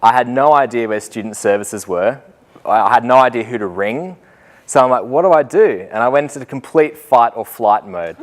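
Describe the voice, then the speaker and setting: A young Australian man tells a live group stories in a loose, chatty way. He pokes fun at himself and breaks into laughter often. His pitch sits in the middle range for a man. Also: a little fast. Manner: chatty and self-mocking, laughs through his own stories. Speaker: student teacher giving a talk. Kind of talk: storytelling talk to a live group.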